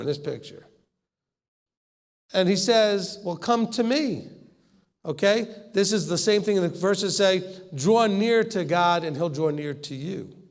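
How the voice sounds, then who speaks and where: A man's voice: sits high, vocal fry. A man teaching scripture in a conversational way, acting out the quoted lines and often laughing. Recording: long hall reverb.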